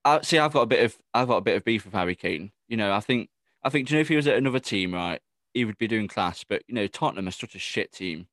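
A man's voice: on the low side, expressive, quick pace, fairly bright tone, no echo. A man hosting a casual podcast, chatty and matey. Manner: chatty, matey, says "mate" often. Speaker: podcast host. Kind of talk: casual chat.

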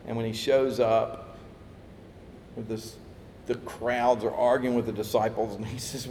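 A man preaching a sermon, lively, acting out quoted voices as he tells the story. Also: mid-range voice, unhurried, long pauses, a little hiss or hum. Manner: animated, acts out quoted voices, chuckles. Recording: echoey hall with faint ambience.

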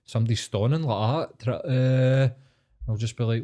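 A man's voice: medium pitch, mellow. A Glaswegian man co-hosting a podcast, telling stories in sweary casual chat and acting out other people's lines. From Scotland. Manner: sweary storytelling with quick acted-out voices. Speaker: podcast co-host.

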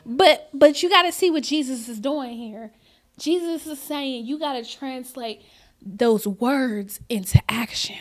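A woman preaching a sermon, reading scripture deliberately and building her points to loud, emphatic declarations. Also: high voice. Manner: reads scripture slowly and deliberately.

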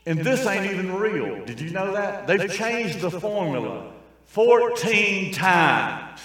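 Older male preacher, raw folksy delivery, highish voice, booming church echo. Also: sing-song, takes it slowly. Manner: raw, folksy preaching that swings from quiet asides to shouting. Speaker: traveling preacher. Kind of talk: sermon. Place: large church hall. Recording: very echoey church sanctuary, distant mic.

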